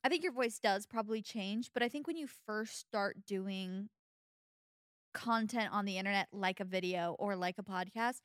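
A young adult woman with a Valley Girl accent and natural vocal fry, chatting casually as a podcast co-host in a rambling, filler-heavy way. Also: mid-range voice, normal speed, no room sound, clean studio sound. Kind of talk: casual chat.

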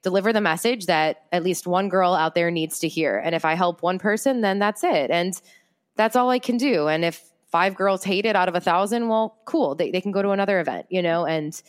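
A woman's voice: on the low side, brisk. A woman in her late twenties, an entrepreneur and speaker, talking candidly and expressively as a podcast guest, often laughing. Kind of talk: casual podcast conversation.

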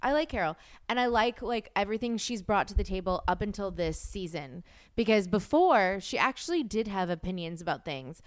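A woman's voice: medium pitch, lively intonation, brisk, dry recording, clean studio sound. A woman in her thirties co-hosting a podcast, chatting casually and talking over her partner. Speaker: podcast co-host. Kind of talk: casual chat.

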